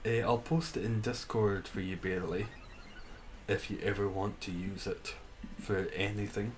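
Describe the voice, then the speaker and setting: Male streamer, lower register, casual banter with viewers, frequent laughs. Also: fairly even intonation, normal speed, a little hiss or hum, rough recording. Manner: chatty, reads and answers chat, laughs often. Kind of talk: casual live-stream chat.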